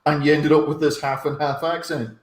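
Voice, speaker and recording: A man's voice: a little high, level tone, a little fast, roomy sound. A man, a comedian, chatting over a video call and rambling as he interrupts himself. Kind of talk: casual chat.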